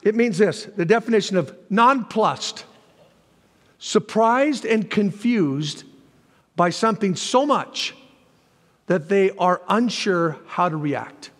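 A man preaching a sermon as pastor, animated, with folksy asides to the congregation and sudden shouted lines. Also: sits high, slow, in a large hall. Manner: animated preaching, jumps to shouts when voicing God.

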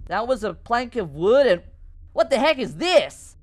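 High, lively woman reacting to a game. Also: a little slow. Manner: wondering aloud, squeamish. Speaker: let's player. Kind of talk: gameplay commentary.

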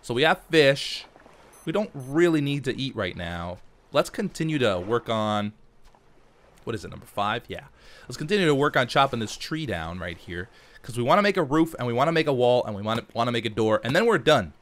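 A man talking his way through a survival game, chatty and playful, narrating each move and joking to himself. His pitch swings widely from line to line, rising and falling as he reacts. It is casual gameplay commentary, loose and unscripted. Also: big pitch swings, a little fast, fairly bright tone. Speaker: let's play host.

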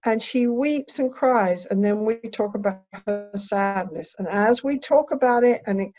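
A woman therapist teaching a webinar, talking casually and sometimes slowing down and going soft to demonstrate. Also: mid-range voice, no room sound, dull audio. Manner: slows down and goes soft to demonstrate. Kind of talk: lecture with demonstration.

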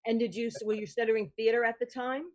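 A woman's voice: on the high side, steady tone, fast, a little mellow, dull audio. A woman hosting a podcast interview, chatty and enthusiastic, who laughs easily. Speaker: podcast host. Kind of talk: casual interview chat.

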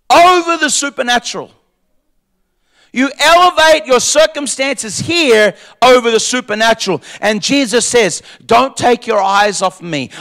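A male pastor, preaching a sermon with emphatic, repeated lines that move between raised, shouted points and quieter asides. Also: very high voice, gravelly. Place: church.

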